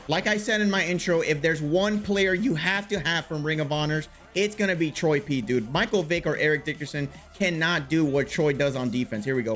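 A man commentating his own video game match, casual and full of slang, muttering one moment and yelling the next. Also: on the high side. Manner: animated, swings from muttering to loud outbursts, casual slang. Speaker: gaming YouTuber. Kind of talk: excited live gameplay commentary.

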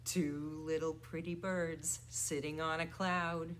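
A children's librarian with a low-pitched, level voice takes toddlers through rhymes and a picture book, swinging between exaggerated softness and loudness. She goes slowly but with few pauses.

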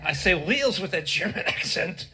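A man's voice: high voice, sing-song, moderate pace, very noisy. A man playing a hammy, suave male French dealer who calls himself a lover of women, with a put-on French accent, on a game show.

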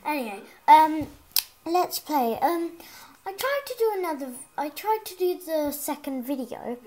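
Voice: high-pitched, measured pace. A child gaming vlogger chatting casually on a headset mic at home, rambling with lots of ums and restarts. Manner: excitable, chatty. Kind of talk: casual gaming vlog chat.

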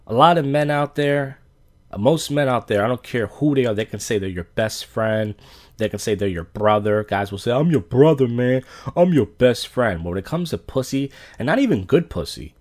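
Animated, profane male podcast host. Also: lowish voice, fairly quick. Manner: blunt, profane, acts out dialogue. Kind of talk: casual storytelling rant.

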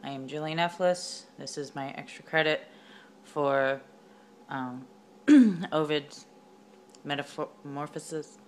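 Low-voiced, halting student. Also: female voice. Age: young adult. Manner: hesitant, many fillers, slangy. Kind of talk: casual homework retelling.

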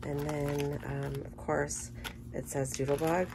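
A woman chatting casually through an unboxing, gushing with enthusiasm and dropping into soft murmured asides. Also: deep voice, little pitch movement, takes it slowly, vocal fry, background noise. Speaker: scrapbooking vlogger.

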